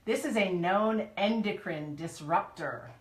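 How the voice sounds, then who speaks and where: A woman's voice: mid-range voice, measured pace. A woman co-hosting a casual chat, teasing and chatty as she explains things. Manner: teasing, chatty, laughs often. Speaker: co-host. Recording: echoey room.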